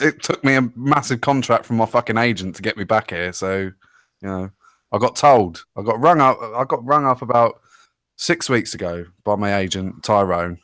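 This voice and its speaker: A man co-hosting a casual podcast, sweary and mock-boastful with a deadpan edge. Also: on the low side, normal speed, dry recording, studio quality. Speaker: podcast co-host. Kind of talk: casual banter.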